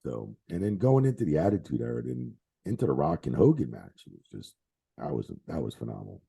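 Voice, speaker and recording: Low raspy gravelly guy, middle-aged, swears a lot and laughs through his old war stories. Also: fairly quick. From New Jersey area. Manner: animated, swearing, laughing, retelling backstage anecdotes. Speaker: former wrestling referee, guest. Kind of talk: casual interview storytelling.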